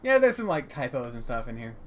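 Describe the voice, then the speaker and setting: A man's voice: mid-range voice, big pitch swings, fairly quick, a bit bright, slight background noise. Casual gaming streamer man. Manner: offhand, joking asides. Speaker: streamer playing a game. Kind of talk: casual let's play commentary.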